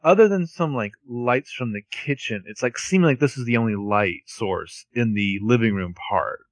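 A man's voice: mid-range voice, moderate pace, dry recording. A man co-hosting a podcast, chatting casually and animatedly as he recaps a TV episode, often restarting his sentences. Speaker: podcast co-host.

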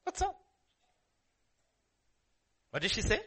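Emphatic, lively male preacher. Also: on the high side, moderate pace, breathy edge. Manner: emphatic, repeats phrases, swings from loud calls to hushed lines. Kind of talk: sermon.

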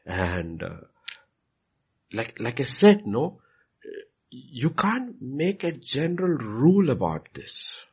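Here a man answers questions as a pastor, speaking slowly at medium pitch with huge pitch swings and a breathy edge. The Q&A teaching is repetitive and emphatic, and he plays out the questions he quotes.

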